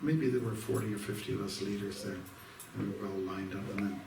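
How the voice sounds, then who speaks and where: Monk from Canada giving an informal devotional talk, gravelly voice, rambling anecdotal delivery with frequent fillers and restarts. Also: male voice, fairly low pitch, steady tone, fairly quick. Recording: roomy hall, distant mic, faint noise.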